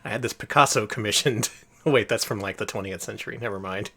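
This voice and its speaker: A man's voice: fairly low pitch, fast, sharp tone, soft background music. A man giving casual, joking commentary on a retro game stream. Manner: wry, joking.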